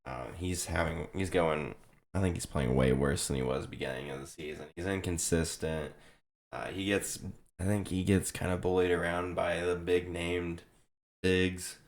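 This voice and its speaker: A man's voice: low voice, fairly even intonation, normal speed. A young man giving casual, rambling reaction commentary on basketball prospects, restarting his sentences often while he is losing his voice. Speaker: sports video host.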